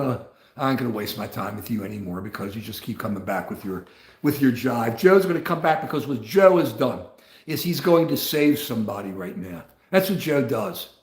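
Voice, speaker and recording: An older man in his seventies with a high-pitched voice hosts a casual livestream. He rambles, argues and talks straight to his viewers. The sound is roomy and echoey. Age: 70s. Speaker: livestream host.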